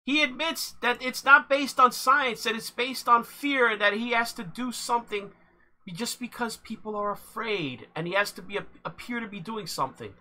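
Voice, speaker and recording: Livestream host commenting live, halting, lots of uh, super bright sharp voice. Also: medium pitch. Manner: halting, with many fillers and restarts.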